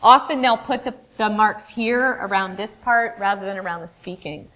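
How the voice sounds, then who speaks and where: In a mid-range, slightly bright voice, a woman teaches an interactive workshop in a classroom with a board. She encourages her students, praises their answers often, and sometimes reels off long word lists quickly.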